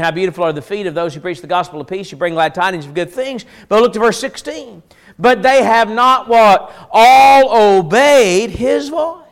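A man preaching an expository Bible sermon, asking rhetorical questions and leaning hard on key words, then dropping into quieter asides. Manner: emphatic, rhetorical questions with pauses for emphasis; shifts between loud high stress and low quiet asides.

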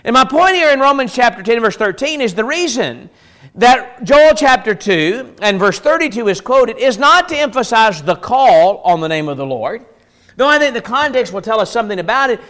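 A man preaching an expository Bible sermon, asking rhetorical questions and leaning hard on key words, then dropping into quieter asides. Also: sing-song. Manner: emphatic, rhetorical questions with pauses for emphasis; shifts between loud high stress and low quiet asides.

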